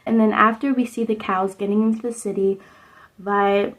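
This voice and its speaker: A woman's voice: medium pitch, fairly even intonation, normal speed, poor audio. Young woman vlogger, chatty and rambling, recaps a movie at home, full of fillers. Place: indoors at home under a sunset lamp.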